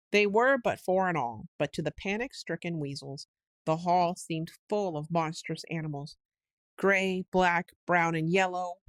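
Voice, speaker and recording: A woman giving a slow, unhurried bedtime reading of a storybook, now and then lifting into quick character voices. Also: fairly low pitch, no room sound. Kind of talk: slow sleep-story narration.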